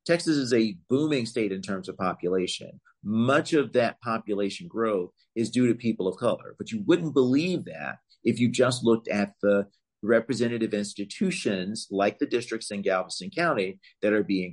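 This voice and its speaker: A man speaking as a legal expert in an interview, laying out his points in a measured, explanatory way. His voice sits fairly low, and he leans on certain words with emphatic rises. He pauses now and then on small fillers. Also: breathy edge. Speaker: voting rights legal expert, guest.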